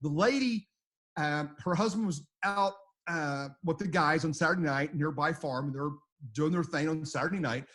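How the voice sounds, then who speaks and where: A middle-aged man tells his storm stories in a rambling, animated way, often repeating himself and acting out what people said. His voice sits a touch high for a man. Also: normal speed. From United States. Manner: rambling, repeats words, acts out quotes. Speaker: storm chaser guest. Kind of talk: animated storytelling.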